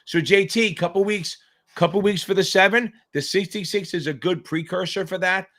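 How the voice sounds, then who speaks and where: A male exam tutor hosts a live question-and-answer stream in a loose, joking way. He rambles and swears freely in a slightly high voice. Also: moderate pace, a bit bright. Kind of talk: casual live-stream chat.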